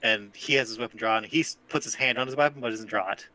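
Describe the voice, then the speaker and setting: A man's voice: on the low side, fast, sharp tone. A man narrating as game master of a tabletop game, laughing often and swearing freely.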